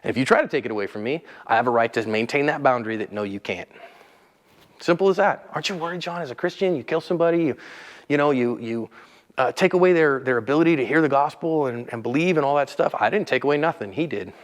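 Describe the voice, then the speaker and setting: A man hosting a casual instructional talk, earnest and emphatic, dropping low and quiet when he describes staying calm. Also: quick pace, big-room sound. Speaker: host.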